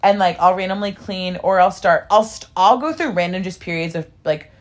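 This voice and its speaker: A young woman in casual podcast chat, her voice sitting on the low side. She rambles and speaks frankly, with lots of fillers. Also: a little fast. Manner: rambling, filler-heavy, candid. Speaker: podcast co-host.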